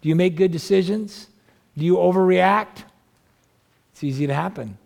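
A man's voice: moderate pace, gravelly, a little mellow. A man preaching a sermon in a conversational way, asking the congregation questions and lifting his voice to drive points home. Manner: conversational preaching with rhetorical questions, pitch rising when stressing points. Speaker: pastor.

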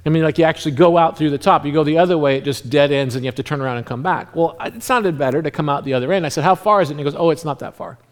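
A pastor telling a long, rambling story in a sermon, acting out the voices of the people in it. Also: male voice, a little high, rapid-fire, few pauses.

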